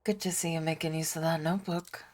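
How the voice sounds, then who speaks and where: A woman voicing a calm, kindly older male ship captain who speaks in a measured, gentle way. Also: deep voice, a little hiss or hum, natural voice.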